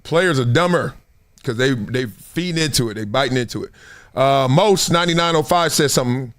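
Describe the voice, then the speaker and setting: A man in his forties hosting a casual sports talk stream, animated and trash-talking, slipping into put-on fan voices. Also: mid-range voice, a little fast. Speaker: show host.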